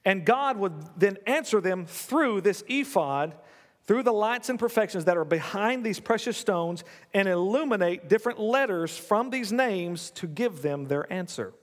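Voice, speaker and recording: High-voiced man preaching a sermon. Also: expressive, unhurried, big-room sound. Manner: conversational, coaxing the audience, repeats key lines.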